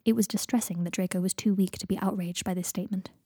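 A woman narrating a fan fiction audiobook in a steady, measured reading voice. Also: mid-range voice, breathy edge, no room sound, studio quality.

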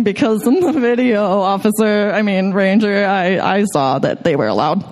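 A young woman tells a story on stage in a large hall, her voice carried by a long reverb. She talks in a loose, chatty way, peppered with fillers, at a middle pitch. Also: brisk, few pauses, a little mellow. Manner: casual and chatty, full of "like" fillers. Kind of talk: live storytelling to an audience.

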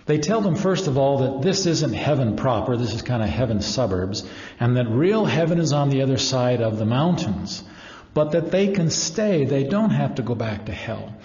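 A man's voice: mid-range voice, expressive, normal speed, a little mellow. A middle-aged man giving a live religious lecture, telling stories earnestly and reading passages aloud. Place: large lecture hall. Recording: echoey hall, dull lo-fi.

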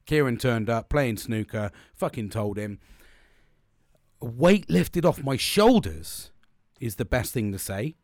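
A man's voice: medium pitch, expressive, slow, creaky, no echo, clean studio sound. A man in his forties telling a candid personal story, blunt and sweary, rambling with restarts.

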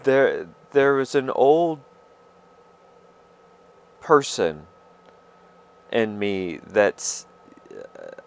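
A man with a slightly low voice talks alone into his podcast mic. His speech is halting and confessional, full of fillers and restarts as he searches for words. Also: sing-song, vocal fry. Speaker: podcast host. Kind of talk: rambling personal monologue.

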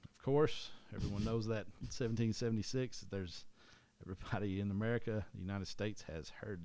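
A deep-voiced man with an East Tennessee Southern accent talks history casually, like a podcast co-host. He rambles, restarts his sentences and corrects himself as he goes. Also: steady tone, brisk, a little mellow.

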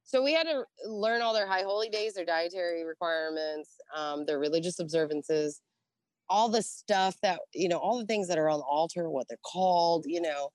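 A middle-aged woman guest casually telling a profane story about her Navy years, acting out the dialogue with animated energy. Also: lowish voice, moderate pace, no echo. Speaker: guest, former Navy religious program specialist.

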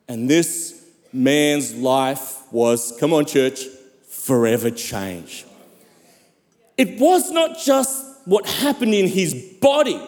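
A man's voice: fairly high pitch, a little mellow. A man in his fifties preaching a sermon, calling out to his congregation as he speaks. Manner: preaching cadence with calls to the congregation. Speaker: pastor. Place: large church hall. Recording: reverberant hall.

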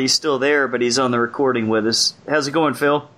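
A man hosting a horror podcast, introducing guests in relaxed casual chat with fillers. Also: medium pitch, moderate pace. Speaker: podcast host.

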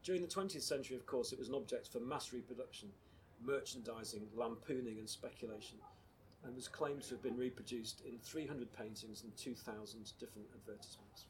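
A man hosting a show, presenting facts in a dry, measured way. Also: medium pitch, background noise. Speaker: host.

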